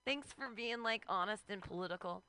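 A woman's voice: medium pitch, fairly quick, sharp tone, clear, resonant tone, dry recording. A woman hosts a comedy show on the radio, gushing over each act and hyping up the next one. Her voice sits in the middle range, and the sound is close and dry. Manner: gushing, enthusiastic introductions. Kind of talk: live comedy show hosting.

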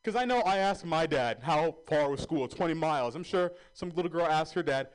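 A man's voice: a little high, expressive, fairly quick, few pauses, slight background noise. A man performing a stand-up set, telling self-deprecating stories and slipping into voices. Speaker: stand-up comedian.

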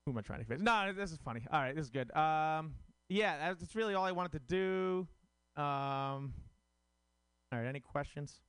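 Man, stand-up comic, rambling and self-mocking, smooth clear voice, dry close sound. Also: fairly high pitch, normal speed, fairly bright tone, no echo. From Rhode Island. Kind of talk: stand-up comedy set.

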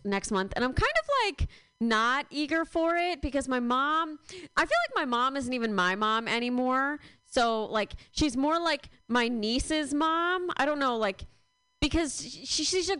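A woman's voice: a little high, a bit bright, clear, resonant tone, dry recording. A young woman in her twenties doing a rambling stand-up set, full of fillers and self-deprecating asides. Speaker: stand-up comedian.

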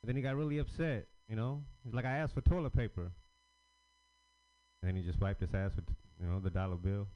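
A man's voice: fairly low pitch, expressive, fast, few pauses. A man doing a loose, rambling, self-deprecating stand-up set at an open mic. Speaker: stand-up comedian. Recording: lo-fi live club recording.

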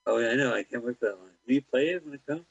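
Wisecracking guy with a husky voice, dry and kinda dull sounding. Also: medium pitch, no room sound. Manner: wisecracking, quick puns. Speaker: podcast co-host. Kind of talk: casual movie riffing.

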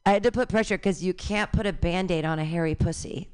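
Bawdy woman in her forties on stage. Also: clear, resonant tone. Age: 40s. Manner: bawdy, halting storytelling with squealing pitch jumps. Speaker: stand-up comic. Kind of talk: stand-up comedy set. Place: comedy club stage.

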